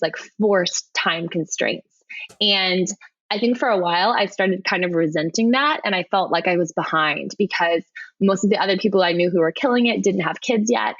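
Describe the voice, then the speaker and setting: A woman in her thirties, a web designer telling her story as a podcast guest, animated and laughing often. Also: fairly low pitch, no room sound, lo-fi sound. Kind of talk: conversational storytelling.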